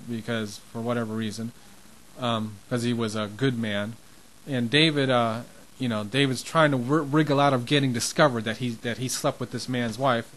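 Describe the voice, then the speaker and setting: Man, mid-pitched, preaching a loose, heartfelt sermon with emphatic rises. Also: a bit bright, poor audio. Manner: conversational and impassioned, with restarts and rising emphasis. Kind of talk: informal sermon.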